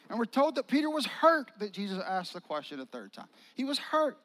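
A male pastor preaches by retelling a story in a casual, vivid way. His voice sits high for a man. He keeps it conversational rather than formal. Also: very animated, normal speed, hardly any pauses, a bit bright, rough recording. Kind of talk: sermon.

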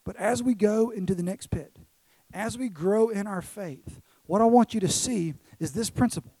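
A man's voice: high-pitched, moderate pace, dark tone, no echo. A man preaching a sermon as pastor, emphatic, with repeated phrases and rhetorical questions to the congregation.

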